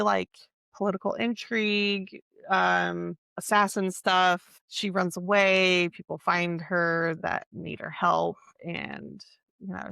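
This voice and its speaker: A woman on the low side of the pitch range, with a gravelly, slightly bright voice, co-hosts a podcast about books in a dry recording. Her talk is casual and chatty, peppered with fillers and frequent pauses while she reaches for words.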